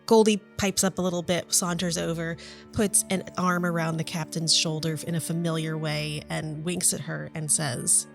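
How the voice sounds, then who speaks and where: A woman running a tabletop role-playing game as game master, narrating in a relaxed, chatty way with giggles. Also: low voice, normal speed, vocal fry, faint music behind.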